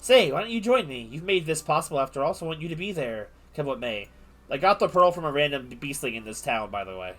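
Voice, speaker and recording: A man's voice: fairly high pitch, big pitch swings, a bit bright. A man reading an earnest young suitor. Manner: earnest, halting read of game dialogue.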